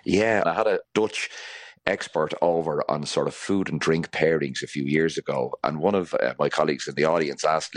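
A man's voice: a bass voice, brisk, dry recording. A man from Ireland, a food historian, answering interview questions in a chatty way with fillers and laughs.

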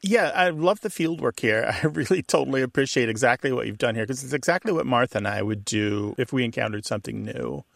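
A man's voice: medium pitch, fast, creaky, few pauses, a bit bright, no echo, clean studio sound. A man co-hosting a radio talk show, explaining word usage in an encouraging, explanatory manner. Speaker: radio co-host, language expert.

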